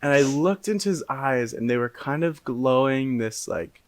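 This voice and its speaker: A man improvising a silly quest story on a comedy podcast. He delivers his lines in a deadpan, drawn-out way, with a pitch in the middle of the usual range. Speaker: podcast co-host.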